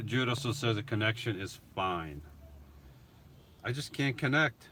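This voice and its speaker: A man's voice: fairly low pitch, lively intonation, unhurried, pauses often, bright, forceful tone, a little hiss or hum. A middle-aged man streaming live from his van on a phone, casually chatting and reading out viewer comments as he answers them. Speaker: vlogger hosting a live Q&A. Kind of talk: casual livestream chat.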